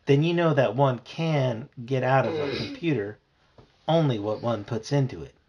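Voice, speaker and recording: A dad doing a fussy, polite old retired teacher. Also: male voice, medium pitch, normal speed, lo-fi sound, slight background noise, close to an everyday voice. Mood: confiding, worried. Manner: gentle, fussy, hospitable.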